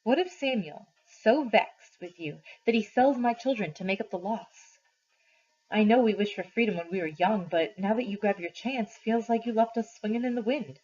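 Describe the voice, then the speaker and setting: Woman teacher reading a novel to a class; mid-pitched, slow and expressive, dull lo-fi sound. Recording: dull lo-fi recording.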